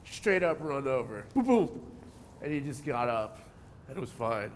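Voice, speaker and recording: A man, telling skateboarding stories in a relaxed interview, cursing freely and getting animated as he goes. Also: mid-range voice, moderate pace, slight background noise. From New Jersey. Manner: laid-back, swears a lot, animated when telling stories. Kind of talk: casual interview.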